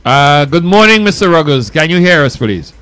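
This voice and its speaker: A man hosting a community radio talk show in a loose, animated, bantering way. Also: a little high, normal speed, faint music behind.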